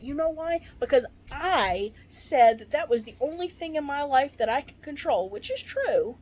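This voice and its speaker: A woman who is a retired paramedic, in pain and venting to camera with swearing and dark jokes. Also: high-pitched. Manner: swearing, exasperated, darkly joking.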